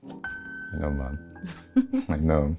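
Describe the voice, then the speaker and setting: A man's voice: rumbling low, huge pitch swings, extremely slow, lo-fi sound, over music, exaggerated voice. An actor with a Nigerian accent playing a polite young male suitor at a family dinner.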